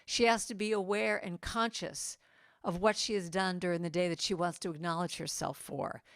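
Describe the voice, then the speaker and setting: A woman giving an inspirational talk at a church, chatting and coaxing the congregation, with soft, tender asides. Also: lowish voice, fairly even intonation, moderate pace, dry recording, studio quality. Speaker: guest speaker and singer. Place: church sanctuary.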